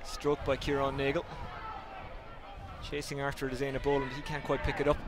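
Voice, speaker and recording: A man's voice: medium pitch, completely flat delivery, a crowd in the background. An Irish man, slightly out of breath, calling live hurling play-by-play from a commentary position at an outdoor ground. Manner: brisk play-calling, self-deprecating asides. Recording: noisy outdoor stadium feed.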